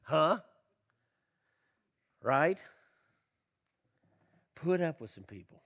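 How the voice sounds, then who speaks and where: A male pastor preaching a sermon, asking the congregation questions and swinging between loud emphasis and quiet low lines, with a slight cough. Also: very animated, very slow. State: slight cough, tickle in throat. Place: church.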